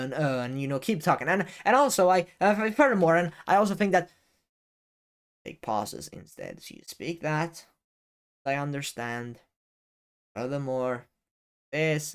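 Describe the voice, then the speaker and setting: A man's voice: medium pitch, gravelly. A young man talking casually to camera as a YouTuber, rambling with many fillers and restarts and the odd swear word. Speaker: YouTuber giving advice. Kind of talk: casual on-camera advice talk.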